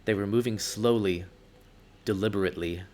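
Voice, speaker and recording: Low-voiced man reading a game story aloud. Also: normal speed, darkish tone. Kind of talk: dramatic first-person reading.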